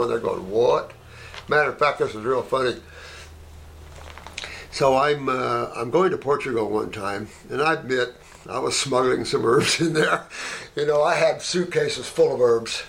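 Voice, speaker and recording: An older man, a natural healer, telling rambling anecdotes in a casual way and getting animated when he retells them. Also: medium pitch, vocal fry, a little hiss or hum. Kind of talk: casual storytelling.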